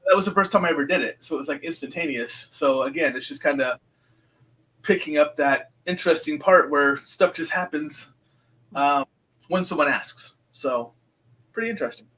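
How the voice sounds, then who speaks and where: Male guest, 50s, somewhat high voice, loose rambling storyteller with lots of ums who re-enacts dialogue. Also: normal speed, bright, forceful tone, poor audio. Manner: rambling, re-enacts dialogue, many fillers and restarts. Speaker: guest, psychic medium. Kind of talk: casual interview storytelling.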